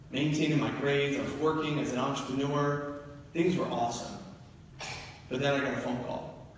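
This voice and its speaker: A man's voice: mid-range voice, a little hiss or hum. A man from New Jersey giving a live motivational speech to an audience in a large hall. He tells personal stories with feeling and asks the crowd questions. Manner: emotional storytelling, questions to the audience. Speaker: motivational speaker. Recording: echoey hall, from far off.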